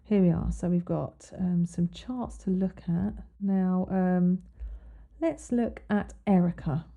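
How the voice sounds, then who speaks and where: A woman's voice: fairly low pitch, slow pace, vocal fry, warm tone, lo-fi sound. A woman hosting an astrology podcast, talking casually with many ums and restarts. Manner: chatty, many ums and restarts, reads quotes aloud. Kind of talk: casual explanatory monologue.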